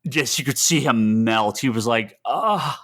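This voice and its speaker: Man, podcast co-host, casual chat, lively storytelling, bright tone, fairly low voice. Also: moderate pace. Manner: animated storytelling with many restarts.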